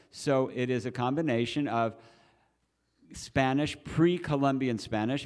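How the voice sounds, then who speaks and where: A man who is a Reform Jew explaining his tradition to a church group in a measured, teacherly way, with pauses and restarts. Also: fairly low pitch, a little mellow. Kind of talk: explanatory talk with questions. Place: church hall.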